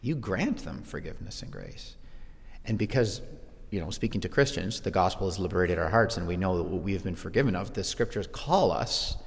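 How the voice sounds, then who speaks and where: Animated male pastor in a reverberant church. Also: low-pitched, brisk, vocal fry. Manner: animated, swings from quiet asides to shouted exclamations. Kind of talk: sermon. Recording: long hall reverb.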